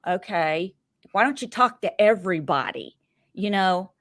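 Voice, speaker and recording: A woman's voice: medium pitch, measured pace. A woman with a Southern American accent, co-hosting a casual reality-TV recap podcast and acting out quotes playfully. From Southern United States. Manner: animated, playful, acts out quotes. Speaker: podcast co-host.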